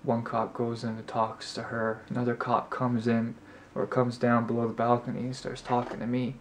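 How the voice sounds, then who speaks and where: A man's voice: monotone, normal speed, slight background noise. A young man telling a story to his camera from his apartment, chatty and exasperated, rambling through the details. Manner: chatty, rambling, exasperated, mimics others in a high voice. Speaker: vlogger. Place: apartment room at night. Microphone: camera mic.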